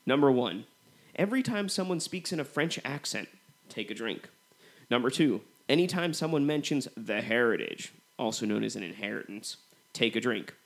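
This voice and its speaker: A man co-hosting a movie podcast, comparing films in a relaxed way with lots of "you know". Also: medium pitch, normal speed. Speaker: podcast co-host. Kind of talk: casual movie review chat.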